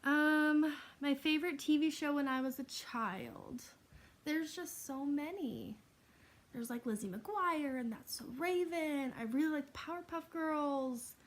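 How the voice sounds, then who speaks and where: Young woman, casual Q&A vlogger, chatty and a little higher-pitched, lots of "um" and "like". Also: a little slow. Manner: chatty, laughing, with frequent "um" and "like". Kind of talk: casual Q&A vlog.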